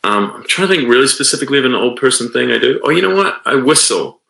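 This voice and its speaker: A man's voice: mid-range voice, animated, fast, gravelly, sharp tone. A man in his forties answering fan questions on a virtual panel, rambling and self-deprecating, with many restarts. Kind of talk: virtual Q&A panel, casual and chatty. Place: home room. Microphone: video call. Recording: roomy echo.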